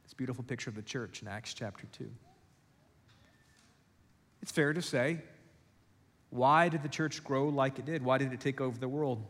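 A man preaching a sermon, telling stories and acting out voices, then dropping low and quiet for key points. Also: moderate pace, pauses often. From West Africa. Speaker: pastor. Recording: long hall reverb.

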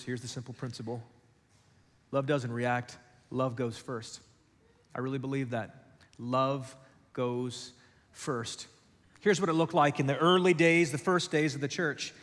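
A man preaching a sermon, telling stories and acting out voices, then dropping low and quiet for key points. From West Africa. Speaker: pastor. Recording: long hall reverb.

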